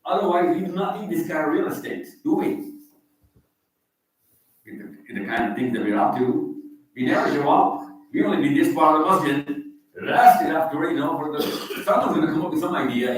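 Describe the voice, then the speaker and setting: A man's voice: on the high side, expressive, brisk, far from the mic. Man with Pakistani accent, echoey hall. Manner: teasing, provocative, quizzes the crowd. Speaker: guest speaker. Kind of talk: mosque talk to an audience. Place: large echoey mosque hall.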